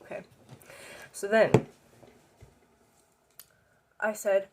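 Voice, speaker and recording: Animated young woman telling a story. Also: mid-range voice, extremely slow, background noise. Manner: animated, acts out scenes, says "like" often. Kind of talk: casual storytime.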